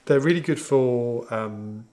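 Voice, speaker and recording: A man with a mid-pitched voice talks through his baking tools in a home kitchen. He is chatty and jokey, and he demonstrates each item with easy enthusiasm. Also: slow, background noise. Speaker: home baker showing equipment. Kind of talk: casual product demonstration.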